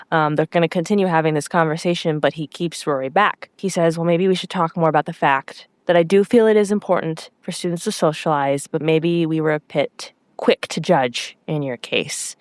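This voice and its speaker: A woman's voice: low voice, no echo. A woman co-hosting a podcast, recapping a TV episode in casual chat and animatedly quoting the characters. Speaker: podcast co-host.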